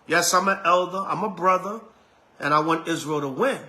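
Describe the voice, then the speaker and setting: A middle-aged male preacher with a high voice, delivering an emphatic, colloquial sermon. He hammers the same phrases over and over. His tone is bright and forceful. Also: moderate pace. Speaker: elder and preacher.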